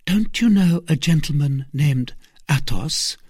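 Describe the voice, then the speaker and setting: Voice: mid-range voice, animated, slow pace, a little mellow, slightly rough, dry recording, studio quality, pitched above the performer's own voice. A reader voicing an earnest young novice nun in a storybook reading, with a raised, eager character voice.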